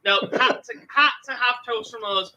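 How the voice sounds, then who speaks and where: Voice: mid-range voice, moderate pace, bright, forceful tone, low-quality recording. A podcast co-host telling a work story in casual, sweary chat and mimicking customers.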